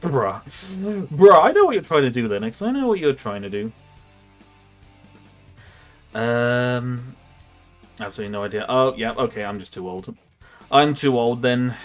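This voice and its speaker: A young man chatting casually on a livestream, rambling and self-mocking, laughing often. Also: on the low side. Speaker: streamer.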